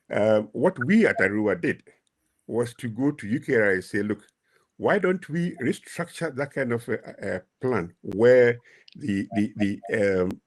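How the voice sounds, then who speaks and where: Panelist, male, low husky voice, measured with frequent pauses, video call. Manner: measured, many hesitations. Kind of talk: webinar panel talk.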